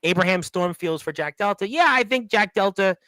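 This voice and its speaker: High-voiced Brooklyn man hosting a chat show. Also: lively intonation, brisk, pushed and bright, no room sound, rough recording. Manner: reads chat comments aloud, jokey. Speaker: host. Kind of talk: casual live-stream chat.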